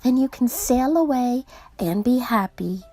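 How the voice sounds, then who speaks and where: A woman reading aloud, voicing a gentle, self-giving female apple tree in a soft, tender voice that sometimes drops to a whisper. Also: fairly high pitch, animated, measured pace, soft background music.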